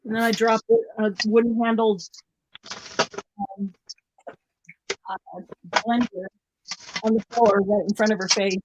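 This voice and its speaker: A woman chatting casually with her co-host during a craft session, lively and quick to laugh. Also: medium pitch, noisy background. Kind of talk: casual chat while crafting.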